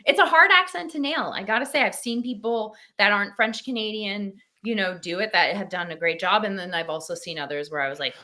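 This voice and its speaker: A woman actress as a podcast guest, chatting in an animated way and laughing easily. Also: medium pitch, brisk, few pauses. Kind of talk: casual interview chat.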